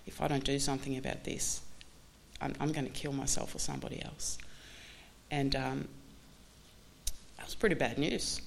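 A woman's voice: rumbling low, steady tone, vocal fry, slight background noise. Candid woman sharing a recovery story. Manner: candid, halting, many restarts and you-knows. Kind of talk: personal testimony talk.

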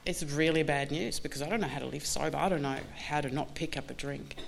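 A woman candidly telling her recovery story in a halting, earnest way, full of restarts. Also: sits low, vocal fry, a little hiss or hum. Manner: candid, halting, many restarts and you-knows. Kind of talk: personal testimony talk.

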